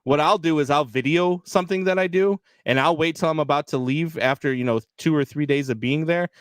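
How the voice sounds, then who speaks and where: A man's voice: a little high, brisk, clean tone, no room sound. Co-host, male, chatty storyteller, dry close sound. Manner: animated storyteller, many fillers. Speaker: podcast co-host. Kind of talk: casual live sports chat.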